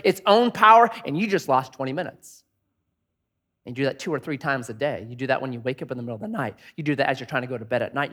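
A man's voice: sits high, a bit bright. A man preaching a sermon in a conversational way, asking many rhetorical questions and acting out angry inner voices. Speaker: pastor.

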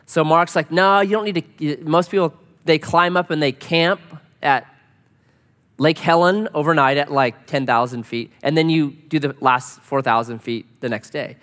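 A man preaching a sermon, telling a story with lively quoted voices. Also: on the high side, normal speed. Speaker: pastor. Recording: reverberant hall.

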